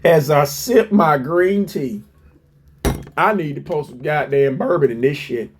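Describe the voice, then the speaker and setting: A man's voice: on the high side, unhurried, slight background noise. A man giving profane reaction commentary, mocking and incredulous and swearing constantly.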